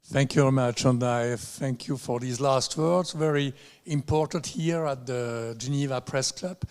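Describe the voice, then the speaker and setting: A man's voice: mid-range voice, darkish tone, clean tone. Polite male moderator in an echoey hall. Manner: polite, a little halting. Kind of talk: press conference moderation. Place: press club conference room.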